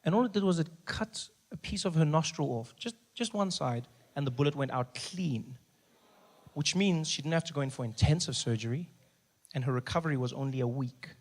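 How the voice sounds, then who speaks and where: A man from South Africa performing a stand-up comedy set, telling stories and acting out the people in them. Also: fairly quick. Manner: animated storytelling, acts out voices with big pitch jumps.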